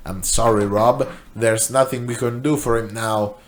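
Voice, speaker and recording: A man's voice: mid-range voice, steady tone, measured pace, a little hiss or hum, lightly acted. A man playing a smug, pompous corporate boss. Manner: pompous, condescending. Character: smug all-powerful male corporate boss.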